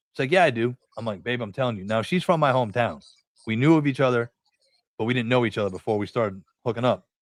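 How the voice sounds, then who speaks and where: A man's voice: medium pitch, dry recording, studio quality. A middle-aged man from New England hosting a podcast, telling rambling, profane anecdotes and acting out the dialogue. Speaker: podcast host. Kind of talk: casual storytelling chat.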